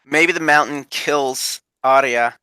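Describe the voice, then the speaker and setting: A man with a Kentucky accent, co-hosting a casual review show, animated and swearing freely. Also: mid-range voice, takes it slowly, clean tone, dry recording. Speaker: podcast co-host. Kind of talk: casual chat reviewing a TV episode.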